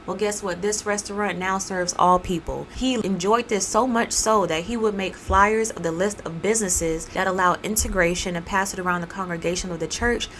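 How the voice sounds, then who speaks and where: Woman host, casual animated storytelling, playful character voices, faint background noise. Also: medium pitch, normal speed, few pauses, poor audio. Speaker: podcast host.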